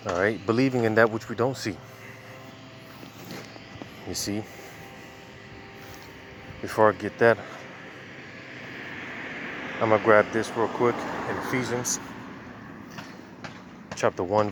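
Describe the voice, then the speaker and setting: A man with a lowish voice preaches while he walks outside, a little out of breath. His delivery is loose and conversational, full of fillers and asides. Faint street and traffic noise sits behind him. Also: steady tone, a little slow, pauses often. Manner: casual, conversational, many fillers. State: slightly out of breath while walking. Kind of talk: informal outdoor preaching. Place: outdoors, walking by traffic.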